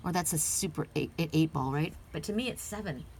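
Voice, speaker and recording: A woman's voice: low voice, a little fast, gravelly, a little mellow, a little hiss or hum. A middle-aged woman giving an earnest, heartfelt oracle card reading, emphatic and casual.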